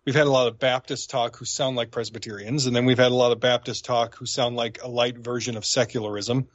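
A man's voice: medium pitch, flat delivery, a little fast, no room sound, muffled recording. A man, a pastor, is a guest on a talk program, explaining theology in an earnest, explanatory way.

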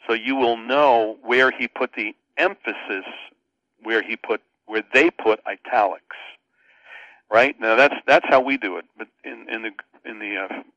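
An older man with a lowish, forceful voice teaches scripture as a radio guest, earnest and explanatory, often restarting his sentences. The sound is dry and a little dull, like lo-fi radio. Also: no room sound.

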